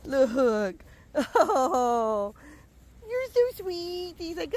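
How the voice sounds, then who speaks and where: High, lively woman cooing at farm animals. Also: very slow. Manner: cooing baby talk to animals, laughing often. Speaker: animal keeper checking on her farm animals. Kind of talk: casual chat. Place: outdoors on a farm.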